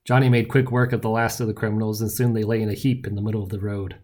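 A man narrating a novel in the first person with wry, lively storytelling. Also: fairly low pitch, fast. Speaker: audiobook narrator.

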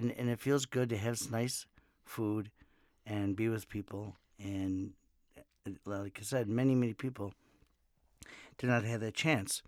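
A man's voice: fairly low pitch, no room sound, clean studio sound. Rambling, laughing podcast host in his fifties. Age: 50s. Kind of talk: casual monologue. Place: home in Los Angeles.

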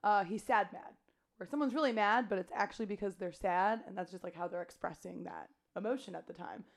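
A woman teacher co-hosting a podcast, talking casually with lots of "like" and quick asides. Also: mid-range voice, gravelly. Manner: chatty, heavy use of "like", quick asides. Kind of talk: casual chat.

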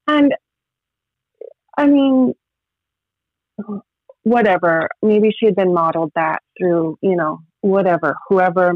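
Her lowish voice comes through a tinny, phone-like line with no echo, completely dry. She's in her thirties and a podcast guest, rambling through casual personal stories and leaning heavily on "like."

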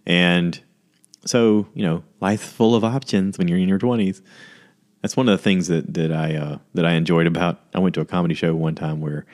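A man with a very low voice talks through a casual podcast monologue. He rambles from story to story and jumps into high, goofy voices when he quotes people. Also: fairly even intonation, moderate pace, a little mellow. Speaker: podcast host.

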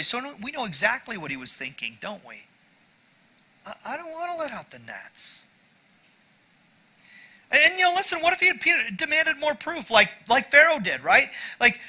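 A man's voice: extremely high pitch, bright, forceful tone, rough recording. A middle-aged male pastor giving a sermon in a conversational, self-deprecating way, with frequent asides to the congregation.

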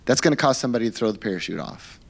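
A male pastor preaching a sermon in an animated, conversational storytelling manner, with frequent fillers and repeated words. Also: mid-range voice, rapid-fire, vocal fry, slightly rough. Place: church.

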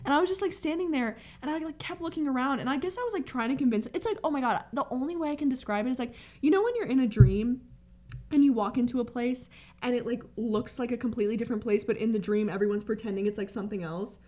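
A woman's voice: on the high side, fast talker, warm tone. A young woman in a casual chat, rambling through a story with frequent swearing and laughter.

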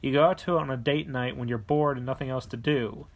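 A man's voice: medium pitch, quick pace. Foul-mouthed young man ranting casually. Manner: blunt, swears a lot, animated storyteller. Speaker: podcast co-host. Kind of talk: casual chat.

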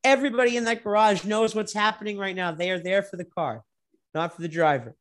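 A young man co-hosting a casual racing podcast, animated and profane, sometimes breaking into loud drawn-out shouts. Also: sits high. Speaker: podcast co-host. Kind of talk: casual sports chat.

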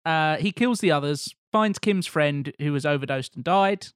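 A man's voice: on the high side, moderate pace, clear, resonant tone, no room sound. A man co-hosting a casual podcast, reading a film plot summary with dry, joking asides. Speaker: podcast co-host. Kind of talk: casual movie recap chat.

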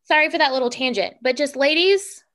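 A woman's voice: high voice, fairly quick, fairly bright tone. A young woman co-hosting a casual podcast chat, giving emphatic, playful advice to other women. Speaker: podcast co-host.

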